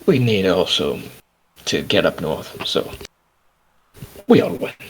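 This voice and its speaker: A man playing a character in a tabletop game, speaking haltingly and hesitantly. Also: low voice, big pitch swings, husky, poor audio. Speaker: player. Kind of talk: tabletop role-play, in and out of character.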